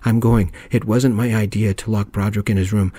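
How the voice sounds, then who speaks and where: A frightened wife pleading in a trembling, nervous way, as a man reading a soft ASMR story puts her on. His low voice lifts only a little for her. The sound is close and dry. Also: flat delivery, fairly quick, slightly rough, dry recording.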